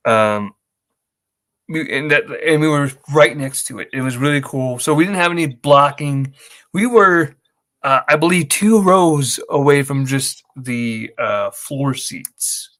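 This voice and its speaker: A man's voice: medium pitch, slow pace, a bit bright. A man in casual podcast chat with a mid-range voice. He rambles through a story, full of fillers, and acts out his friends' voices as he goes. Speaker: podcast co-host.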